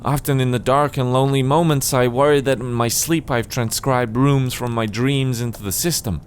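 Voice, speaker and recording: A man reading game dialogue as a rambling, flustered cave writer who talks in high, excited bursts and keeps restarting his sentences. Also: moderate pace, slight background noise, natural voice. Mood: eager. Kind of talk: voice acting a game's dialogue.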